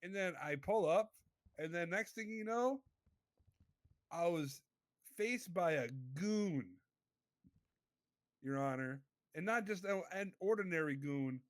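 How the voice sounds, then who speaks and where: A man's voice: high-pitched, animated, slow pace, long pauses, dry recording. A man playing a small-time crook who testifies in a roleplay court, earnest and rambling, forever turning back to the judge. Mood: pleading.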